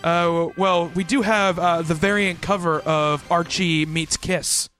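A man's voice: fairly high pitch, steady tone, unhurried, fairly bright tone, soft background music. A man co-hosting a casual podcast chat, reading off a release list and laughing often. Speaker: podcast co-host.

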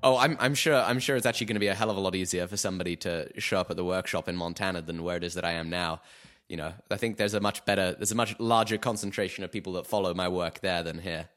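Low-voiced man airing gripes. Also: quick pace, hardly any pauses, a bit bright. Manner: rambling, hedging with "you know". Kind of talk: casual podcast chat.

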